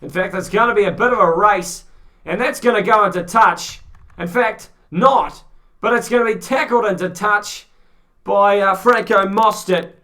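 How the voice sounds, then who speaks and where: A man with a New Zealand accent doing excitable, joking amateur play-by-play rugby commentary. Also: sits high, normal speed. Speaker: fan commentator.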